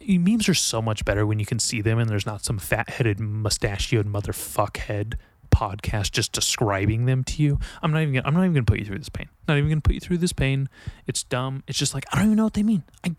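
A man's voice: mid-range voice, darkish tone, dry recording. A man hosting a solo podcast, rambling casually with lots of swearing and self-mockery. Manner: profane, rambling, self-mocking. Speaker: podcast host.

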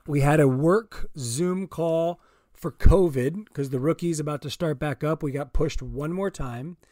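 Brief: man, fairly high voice, sore throat, dry close sound, casual chat. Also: no room sound.

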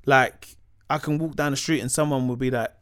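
A man's voice: mid-range voice, steady tone, brisk, a bit bright, clear, resonant tone. A man telling comic anecdotes on a podcast, slangy and acting out the voices of people in his stories. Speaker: comedian guest.

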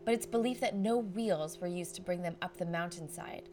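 A woman's voice: fairly low pitch, normal speed, darkish tone, soft background music. A woman podcast host narrating a travel story in a reflective, vivid scripted style.

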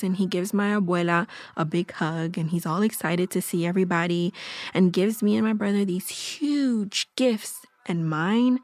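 A woman narrating a first-person horror audio drama, telling it breathlessly with halting restarts. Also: medium pitch, no echo, natural voice. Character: young woman recalling a family horror.

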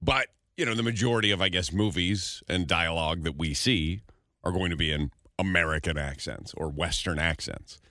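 A man hosting a morning radio show, talking in casual banter with excitable, exaggerated disbelief. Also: low voice, normal speed, dry recording, studio quality.

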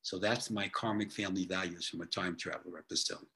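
A man's voice: sits low, steady tone, quick pace, pushed and bright. A man, a guest on a podcast, telling his clients' case histories in a chatty way, often tagging sentences with "okay?". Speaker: guest, author and therapist. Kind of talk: storytelling in a podcast interview.

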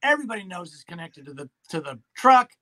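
A middle-aged man in casual chat, an animated storyteller who acts out quotes. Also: sits high, fast talker.

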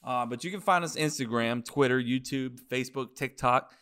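A man's voice: medium pitch, normal speed, a bit bright, clean tone. A man hosting a casual podcast, wrapping up with loose, profane, rambling plugs. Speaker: podcast host.

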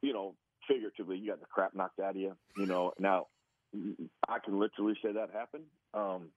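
A man, a former football player, telling an animated story as a guest, often laughing as he talks. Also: sits low, fairly quick, narrow, tinny audio. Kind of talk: casual storytelling.

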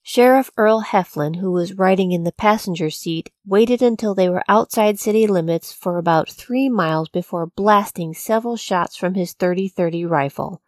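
A woman narrating a true-crime story from a script, in a measured, even storytelling delivery. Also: mid-range voice, no room sound, studio quality. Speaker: podcast narrator.

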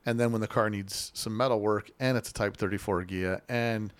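A man's voice: on the low side, steady tone, moderate pace, smooth, no room sound. A man hosting a casual chat about classic cars, rambling and laughing as he acts out voices in his stories. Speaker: show host. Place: Las Vegas.

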